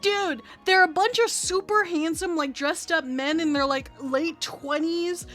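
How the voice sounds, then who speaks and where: A woman's voice: extremely high pitch, measured pace, a bit bright, soft background music. A woman, a streamer telling stories in a rambling, profane, laugh-filled way. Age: 30s. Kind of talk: casual storytelling chat.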